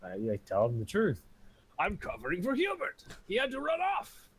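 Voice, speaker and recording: A husky man with a notably high voice that swoops wildly up and down. He plays his cleric in a tabletop game with breezy, mock-dignified humor. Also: wildly swooping pitch, normal speed. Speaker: player voicing his cleric. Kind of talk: tabletop game role-play.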